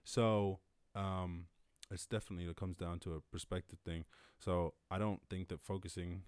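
A man hosting a casual solo podcast, rambling and swearing, laughing often and jumping to loud high exclamations. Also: steady tone, normal speed, clean tone, no room sound. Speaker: podcast host.

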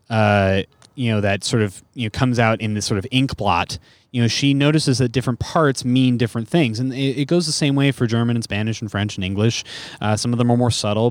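A man's voice: mid-range voice, no room sound. A man who is a comedian guest on a podcast, talking casually with lots of fillers and restarts. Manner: rambling, many fillers.

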